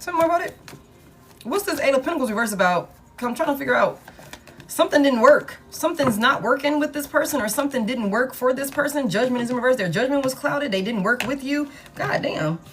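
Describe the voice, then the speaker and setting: A woman's voice: high voice, expressive, brisk, slight background noise. A woman giving a live tarot reading, blunt and profane, who thinks aloud as she pulls cards and talks straight to her viewers. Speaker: tarot reader.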